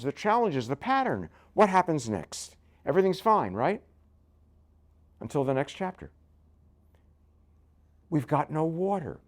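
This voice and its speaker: A man's voice: on the high side, a little mellow. An older man, a rabbi, giving a conversational Bible lecture full of jokes and asides, often checking in with "right?". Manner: joking, keeps asking "right?".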